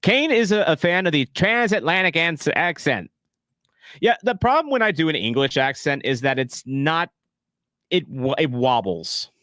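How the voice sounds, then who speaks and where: A man's voice: fairly high pitch, lively intonation, normal speed, bright, forceful tone, no room sound, studio quality. Rambling jokey man calling a soccer match. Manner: rambling, jokey, self-deprecating. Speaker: streamer and match reactor. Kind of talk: casual live play-by-play reaction.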